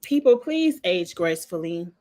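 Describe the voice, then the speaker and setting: A woman's voice: on the low side, big pitch swings, normal speed, a little mellow. A woman, hosting a casual reality TV recap and gossiping with sass. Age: 40s. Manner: gossipy, sassy, talks straight to the people she discusses.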